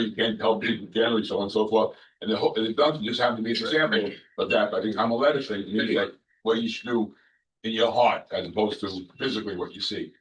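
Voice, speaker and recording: A man's voice: fairly low pitch, fairly bright tone, distant mic, rough recording. A man offering a tentative interpretation as a student in a Torah class, thinking aloud. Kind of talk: classroom discussion.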